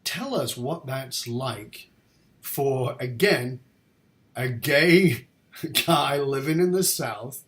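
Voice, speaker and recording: A middle-aged man from northern England hosting a podcast interview, telling stories in an earnest, animated way. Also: medium pitch. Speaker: podcast host. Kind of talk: interview chat.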